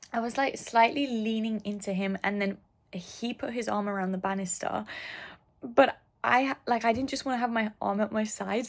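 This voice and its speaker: A young woman vlogging in a casual, gushing way, full of "like" and fond asides. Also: mid-range voice. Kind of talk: casual chat.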